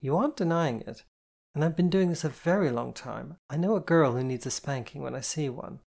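A reader putting on a bossy, teasing older sister who plays the disciplinarian, her voice pitched well above the narrator's and clipped with mock patience. It is storybook character work from an audiobook reading, brisk and commanding. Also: creaky, darkish tone. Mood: stern.

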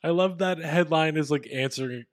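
A man's voice: fairly high pitch, normal speed, dry recording. Laughing podcast man, dry mic. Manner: laughs often, short agreeing replies. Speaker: podcast co-host. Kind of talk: casual comedic chat.

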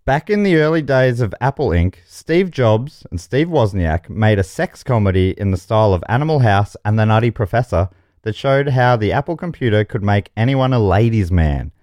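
Lively jokey male game show host. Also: lowish voice, normal speed, no room sound, clean studio sound. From Australia. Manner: jokey, chuckles mid-sentence. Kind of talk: comedy podcast banter, reading quiz options.

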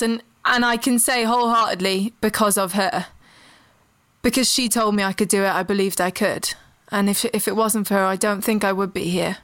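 A woman's voice: medium pitch, steady tone, moderate pace, fairly bright tone, no room sound. Frank woman, dry close mic. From Britain. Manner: frank, earthy, vivid storyteller. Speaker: guest, writer. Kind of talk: candid personal storytelling.

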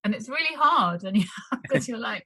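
A woman's voice: a little high, lively intonation, fairly quick, sharp tone, slightly rough, no room sound, poor audio. A woman, an actress, chatting casually, laughing often and acting out little quotes as she tells stories. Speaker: actress guest. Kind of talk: casual chat.

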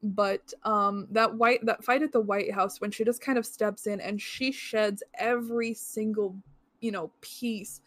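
A woman's voice: mid-range voice, steady tone, unhurried, a bit bright, no room sound, studio quality. A woman with a stuffed-up nose co-hosting a casual film review podcast, talking fluently and with enthusiasm. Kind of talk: casual movie review chat.

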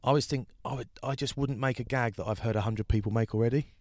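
A man's voice: medium pitch, fairly even intonation, fast, darkish tone, no room sound, studio quality. A man chatting casually on a podcast, rambling through a story and mimicking the people who tease him. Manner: chatty, rambling, does mocking voices for hecklers. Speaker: rugby broadcaster and podcast co-host. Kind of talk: casual chat.

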